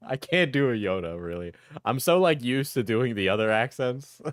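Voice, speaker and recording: A man's voice: medium pitch, no room sound, studio quality. A man streaming a casual reaction video, joking, laughing and swearing as he comments.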